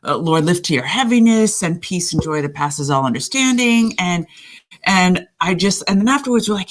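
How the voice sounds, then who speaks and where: A woman's voice: fairly low pitch, animated, normal speed. A middle-aged woman co-hosting a casual chat, telling a story with eager enthusiasm. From Iran. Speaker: co-host.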